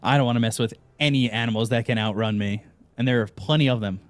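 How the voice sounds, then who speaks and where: A man's voice: mid-range voice, fast talker, no echo. A man casting an esports broadcast, chatting casually and telling long jokes between matches. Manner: joke-telling, animated. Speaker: esports caster. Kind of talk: casual on-air banter.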